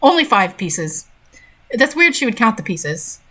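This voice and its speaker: A woman's voice: fairly high pitch, sing-song, unhurried, pushed and bright. Young woman host reading and roasting a story, sarcastic and fed up. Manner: sarcastic, exasperated asides. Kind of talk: dramatic reading with commentary.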